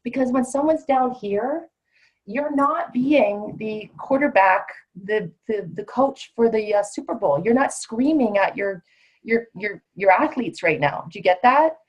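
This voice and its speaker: A woman's voice: a little high, animated, a little slow, highs cut off. A middle-aged woman coach teaching a certification class in a conversational, emphatic way, sometimes acting out what her clients say. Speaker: coach trainer.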